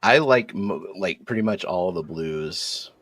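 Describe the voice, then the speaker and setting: A man's voice: deep voice, animated, unhurried, a bit bright, no echo. A man hosting a casual livestream auction, calling bids in a playful, joking way. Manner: playful, jokey bid calling. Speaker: auctioneer host.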